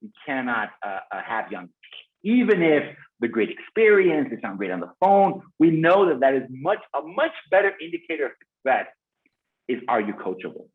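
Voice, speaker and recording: A man guest expert talking fast and with passion in a webinar, repeating words and restarting sentences. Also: mid-range voice, very animated. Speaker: guest expert on phone sales teams. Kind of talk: fast enthusiastic webinar talk. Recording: tinny phone-like call audio.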